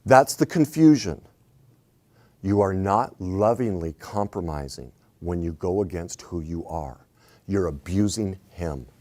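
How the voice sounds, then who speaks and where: A middle-aged man coaching on relationships, swinging between hushed reflection and loud emphatic points. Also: low voice, expressive, unhurried. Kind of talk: animated advice talk.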